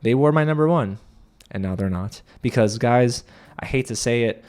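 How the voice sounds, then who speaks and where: Animated man doing a casual show recap. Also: mid-range voice, moderate pace. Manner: animated, acting out the cast's lines in other voices. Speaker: TV recap host. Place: studio set.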